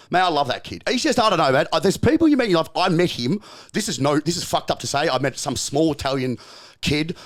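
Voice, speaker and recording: Fast-talking Australian man, profane and emphatic. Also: a little high, very animated. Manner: repetitive restarts and rapid bursts. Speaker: podcast guest. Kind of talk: casual podcast chat.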